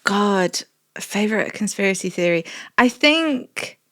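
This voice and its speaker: A woman's voice: mid-range voice, expressive, measured pace, fairly bright tone, no room sound, studio quality. A woman comedian talking as a podcast guest, chatty and rambling with lots of fillers and restarts. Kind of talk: casual chat.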